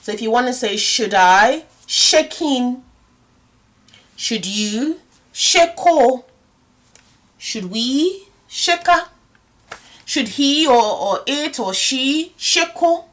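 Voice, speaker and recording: Lively woman teaching a language lesson. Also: high voice. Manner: lively, laughs often, slows down to spell out example phrases. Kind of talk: casual spoken language lesson.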